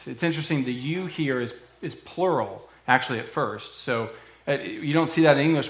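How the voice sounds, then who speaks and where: A man preaching a sermon in an earnest, conversational way, often pausing with fillers. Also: medium pitch, roomy sound. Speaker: pastor.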